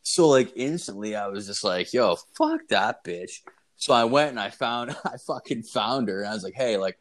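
A man's voice: mid-range voice, fairly quick. A young man co-hosting a casual podcast, telling crude stories with lots of swearing and laughter. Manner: profane, laughing, animated storytelling. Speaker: podcast co-host.

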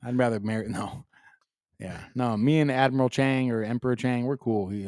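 A man's voice: mid-range voice, brisk, darkish tone, no echo, clean studio sound. Teasing, joking podcast man. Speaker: podcast co-host. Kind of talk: casual chat.

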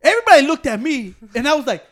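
A young man telling a story in casual chat with friends, profane and animated, breaking into laughs. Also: very high voice, racing. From Hispanic American.

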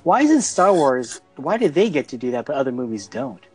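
A man's voice: mid-range voice, big pitch swings, fairly quick, husky, faint music behind. A man hosting a casual movie discussion podcast, talking in an enthusiastic, rambling way as he steers the conversation. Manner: enthusiastic, rambling, leading the talk. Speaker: podcast host.

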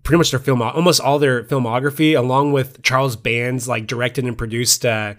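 A man's voice: mid-range voice, steady tone, moderate pace. A man co-hosting a podcast, chatting casually and laughing often as he talks about movies. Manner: laughs often, loose and joking. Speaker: podcast co-host.

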